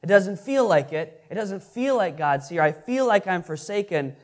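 Leading an interactive Bible study, a male pastor with a high voice stays earnest and lively in tone throughout. Questions go out to his audience as he stumbles, repeats words, and starts over. Scripture readings build with mounting emphasis.

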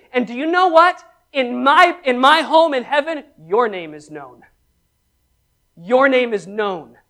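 A preacher with a high voice delivers a sermon, questioning the congregation and calling for amens. He shifts between loud exhortation and hushed emphasis.

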